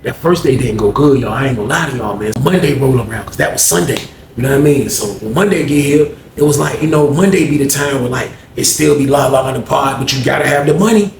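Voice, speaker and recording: A man's voice: medium pitch, fast, gravelly, slight background noise. A young adult man from Norfolk, Virginia, casually telling a story and acting out other people's voices, dropping "man" and "bro" into his lines. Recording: echoey room, faint ambience.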